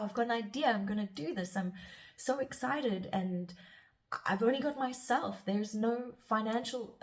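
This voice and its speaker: A middle-aged woman speaking as a spiritual guide in a reflective, rambling monologue, often restarting her sentences. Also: medium pitch. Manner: rambling and self-searching, with restarts. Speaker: spiritual guide and podcast host.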